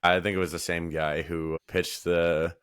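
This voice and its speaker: Deep-voiced laid-back man co-host. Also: flat delivery, unhurried, a bit bright, smooth, dry recording, clean studio sound. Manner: laid-back, swears casually, frequent "like" fillers. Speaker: podcast co-host. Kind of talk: casual chat.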